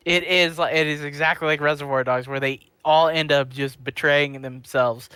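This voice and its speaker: Bright-voiced man rambling through a recap. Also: a little high, steady tone, normal speed, clean tone, no echo. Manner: rambling recap with frequent ums and self-corrections. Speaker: podcast co-host. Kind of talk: casual chat.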